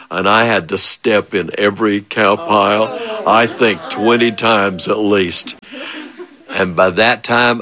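A man telling a funny childhood story, animated and chuckling often, with big swings of voice. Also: lowish voice. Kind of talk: spoken storytelling.

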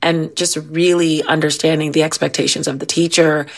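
A woman's voice: deep voice, flat delivery, moderate pace, creaky. A woman and mother, a podcast guest, chatting casually with candid, joking asides. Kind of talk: casual chat.

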